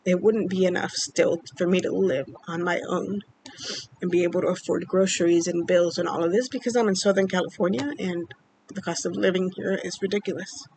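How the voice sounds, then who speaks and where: A woman vlogger casually telling a personal story, rambling and halting with many fillers, sounding upset and emotional. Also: lowish voice, fairly even intonation, a little mellow, a little hiss or hum, poor audio. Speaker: vlogger keeping a mood journal.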